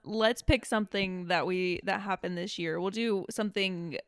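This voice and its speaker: A woman co-hosting a podcast in casual chat, energetic and playful. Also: medium pitch, normal speed, smooth, dry recording. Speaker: podcast co-host.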